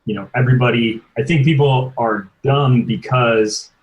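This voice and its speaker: A man's voice: medium pitch, normal speed, low-quality recording. A man who coaches sports performance, speaking as a podcast guest in an earnest, reflective way with blunt opinions. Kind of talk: conversational interview.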